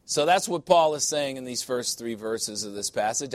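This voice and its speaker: A man's voice: mid-range voice, expressive, moderate pace, hardly any pauses, no echo. A man preaching a sermon, calling for amens and joking with the congregation between points. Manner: call-and-response preaching, playful asides. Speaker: pastor. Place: church sanctuary.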